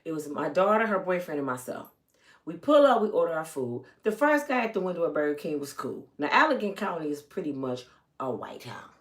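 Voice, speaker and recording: A middle-aged woman vlogging a personal story to her viewers, animated, swinging from loud to hushed and acting out the people she quotes. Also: low-pitched, brisk.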